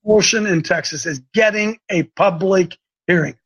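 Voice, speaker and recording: Excitable high-voiced male show host. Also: normal speed, poor audio. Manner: excitable, preachy, rambling. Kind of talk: rambling live call-in show talk.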